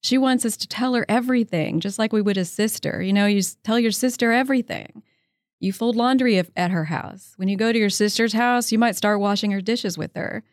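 A woman's voice: mid-range voice, fairly quick, no room sound, clean studio sound. A woman guest, an author, talking casually. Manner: warm, storytelling, enthusiastic about her faith. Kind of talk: casual interview conversation.

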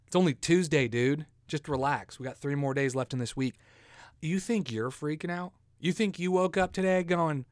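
A man's voice: a little high, animated, normal speed, dry recording, studio quality. A man hosting a casual solo podcast, rambling through crude jokes, mocking himself and laughing at his own bits. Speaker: podcast host.

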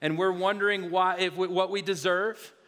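A man's voice: sits high, fairly even intonation, normal speed, a bit bright. A male pastor preaching a sermon in an earnest, confessional way, often restarting and repeating his words. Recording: hall reverb.

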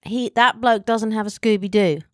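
A woman's voice: mid-range voice, steady tone, normal speed, dry recording. A middle-aged woman with a British accent co-hosting a podcast in casual chat, dry and matter-of-fact. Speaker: podcast co-host.

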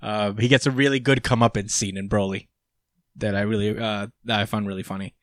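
A man's voice: lowish voice, steady tone, a little fast, a bit bright, no room sound, studio quality. A man casually recapping a comic chapter with a friend, swearing and laughing often. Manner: laid-back, swears, laughs often, acts out quotes. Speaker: podcast co-host.

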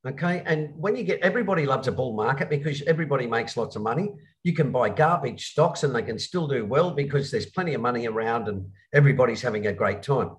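A man taking questions about markets, laying out his points patiently. He teaches investing, and his talk is full of pauses and restarted phrases as he works through each idea. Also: medium pitch, rough recording. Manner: explanatory, frequent hesitations and restarts. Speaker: investment educator. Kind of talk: interview answers on markets.

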